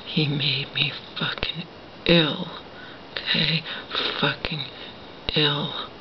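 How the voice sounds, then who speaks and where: A woman vlogger talking in a hushed whisper, bitter and full of profanity, in a personal monologue. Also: sits low, little pitch movement, drawn-out words, lo-fi sound, a little hiss or hum.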